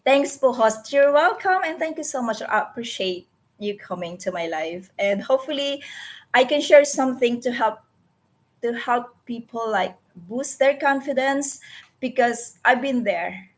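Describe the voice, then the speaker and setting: A woman's animated voice, on the high side and a little slow, comes from a casual livestream she hosts on her computer. In her forties and from the Philippines, she's a native Tagalog speaker with a Filipino accent who talks earnestly, regularly pausing for words and revising herself.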